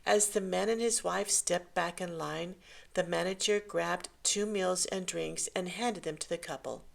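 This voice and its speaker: A woman reading a short story aloud in a gentle, measured way. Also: on the low side, creaky. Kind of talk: scripted story narration.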